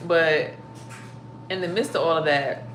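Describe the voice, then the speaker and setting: A young woman telling a story to her viewers in a casual, profane and animated way, acting out her own startled reactions. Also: low voice, unhurried, background noise. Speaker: spiritual vlogger.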